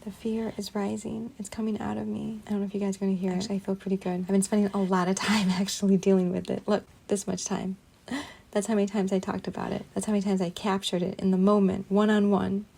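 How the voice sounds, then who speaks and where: Creaky-voiced woman recounting her story. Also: medium pitch, little pitch movement, quick pace. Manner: earnest, shifts between hushed asides and loud bursts. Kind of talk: emotional personal recounting.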